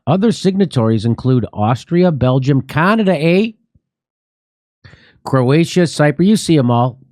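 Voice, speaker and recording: A man's voice: medium pitch, animated, moderate pace, warm tone, no room sound, clean studio sound. A man hosting a political comedy talk show, sarcastic and profane, with jokey asides. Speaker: host.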